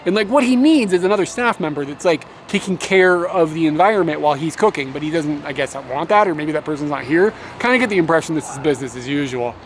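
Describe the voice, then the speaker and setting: High-voiced man ranting outdoors. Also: quick pace, hardly any pauses, slight background noise. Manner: animated, swearing, laughs while ranting. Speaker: motovlogger. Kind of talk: casual storytelling vlog.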